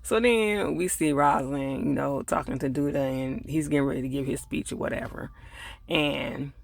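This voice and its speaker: Gravelly-voiced man chatting through a TV recap. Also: a little high, moderate pace. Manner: chatty, loose, full of fillers and asides to viewers; acts out characters' lines while retelling scenes. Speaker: TV episode reviewer. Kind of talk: casual episode recap and review.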